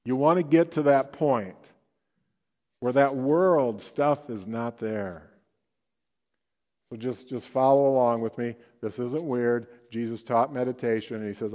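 A male pastor with a middle-pitched voice teases his congregation in a folksy way. He then settles into a quiet, slow guided prayer meditation. His voice hangs in the long reverb of a church sanctuary.

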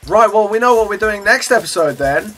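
Male gamer host, slightly high voice, chatty and self-deprecating with bursts of excitement, desk mic, soft game music underneath. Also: a little fast. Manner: chatty, self-mocking, with sudden excited outbursts. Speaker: gaming channel host. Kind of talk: let's play gameplay commentary.

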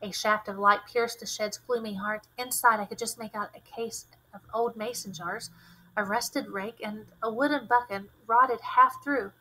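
Bright-voiced teacher reading aloud. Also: female voice, fairly high pitch, normal speed, rough recording. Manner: expressive, modeled fluent reading. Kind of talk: read-aloud narration of a novel.

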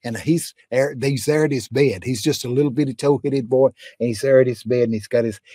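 A man's voice: mid-range voice, brisk, warm tone, breathy edge, no room sound, studio quality. An older man, a guest preacher, telling faith testimonies in a folksy, fervent conversational way and often repeating "I'm telling you.".

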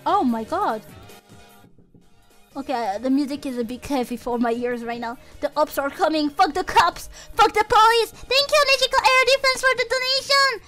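Young woman VTuber, very high bright voice, hyper and shrieky, casual stream chat over faint music. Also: normal speed. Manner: excitable and shrieky, swears, drops Japanese words. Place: her room at home.

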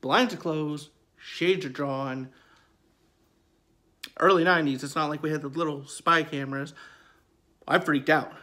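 A man in his forties tells a spooky personal story in a casual, conversational way. He talks slowly and leans on his words, often repeating a phrase for emphasis. His voice sits a little higher than most men's. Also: steady tone, bright, forceful tone.

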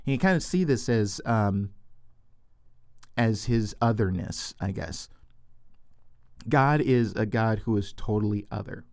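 A man's voice: fairly low pitch, lively intonation, a little slow, creaky, pauses often, no echo, clean studio sound. A man teaching from the Bible in a loose, unscripted way, often restarting and repeating words, and asking questions that he answers himself.

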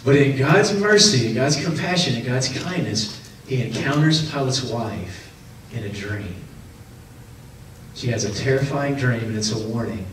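A man preaching a sermon as pastor, animated, acting out the people in his stories and laughing often. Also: medium pitch, unhurried, distant mic. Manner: animated, acts out quoted voices, laughs often. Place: church sanctuary. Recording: echoey hall, preacher off-mic, faint noise.

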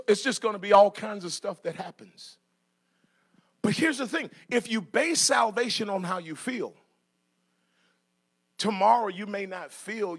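A middle-aged man preaching a sermon in church, moving from soft asides to shouted passages and joking with the congregation. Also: high-pitched. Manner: jokes with congregation, laughs. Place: church sanctuary.

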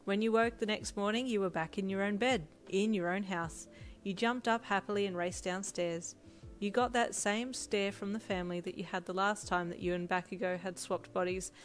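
Woman, story reader, plain and steady, faint music under. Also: medium pitch, moderate pace. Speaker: fanfiction reader. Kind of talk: second-person audiobook narration.

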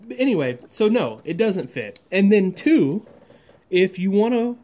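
A man's voice: high voice, big pitch swings, unhurried, warm tone. A man casually reviewing a farm toy model, chatty and enthusiastic, rambling and correcting himself as he goes. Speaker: scale model reviewer, channel host.

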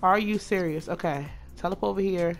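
A woman with a slightly low voice gives loose, chatty play-by-play of her game. She talks straight to her viewers and gets excited, with faint music under her voice. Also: brisk. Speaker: let's play host. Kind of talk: casual gameplay commentary.

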